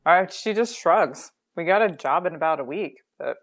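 A woman's voice: lowish voice, animated, moderate pace. A woman playing a tabletop game, casual and playful with frequent giggles. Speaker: player.

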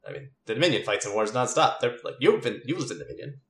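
A man's voice: mid-range voice, animated, quick pace, a bit bright, lightly acted. Man doing eager sneaky teen cousin, rambly, roomy sound. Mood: puzzled. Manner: rambling, hesitant, full of restarts. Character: young male cousin, sneaky, eager, chatty. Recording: roomy echo.

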